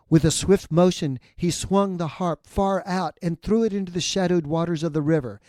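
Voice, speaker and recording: A man co-hosting a podcast, reading a folktale aloud in an expressive, dramatic way. His voice sits fairly high for a man. The recording is close and dry. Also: normal speed, few pauses, dry recording. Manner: expressive storytelling. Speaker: podcast co-host and storyteller. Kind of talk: dramatic read-aloud narration.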